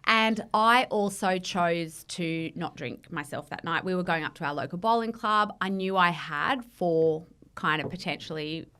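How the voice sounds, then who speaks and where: Lively Australian woman telling a story. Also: on the low side, measured pace, smooth. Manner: lively storyteller, acts out dialogue. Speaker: parenting expert guest. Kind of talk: animated anecdote in podcast chat. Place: podcast studio.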